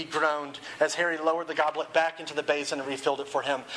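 A man preaching a sermon in a quick, casual way, asking rhetorical questions and joking aside, then reading a story aloud. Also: a little high, flat delivery, fairly bright tone, slight background noise, rough recording. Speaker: pastor.

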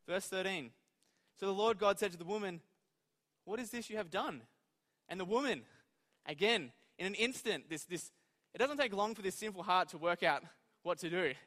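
High-voiced preacher in a reverberant hall. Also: male voice, animated, moderate pace, long pauses, fairly bright tone. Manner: informal, asks the audience questions. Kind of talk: conversational sermon.

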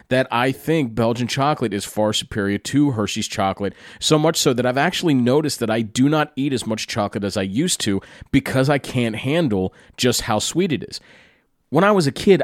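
A man's voice: medium pitch, dry recording, studio quality. A man from Pennsylvania, telling the story of a trip in a chatty, enthusiastic way with asides to the listener. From Pennsylvania, USA. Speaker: travel storyteller. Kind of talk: casual travel recap narration.

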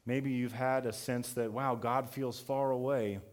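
A pastor giving a sermon, telling a story in a conversational way that builds to emphatic peaks. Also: male voice, medium pitch, fairly even intonation, a little slow.

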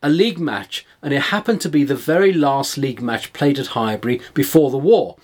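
A man co-hosting a podcast about films. He retells the story in a calm, measured way, and his voice has a husky grain at a middle pitch. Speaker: podcast co-host. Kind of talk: film discussion chat.

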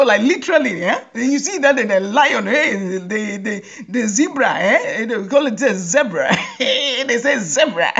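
A woman's voice: fairly high pitch, breathy edge, muffled recording. A woman hosting a humorous monologue, often laughing and repeating phrases for comic effect in a mock-rallying address. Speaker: host.

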